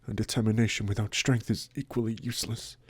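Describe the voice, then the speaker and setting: A man's voice: fairly low pitch, little pitch movement, quick pace, husky, dry recording. A man voicing a stern older lord and father in a let's play, with a solemn, lecturing delivery.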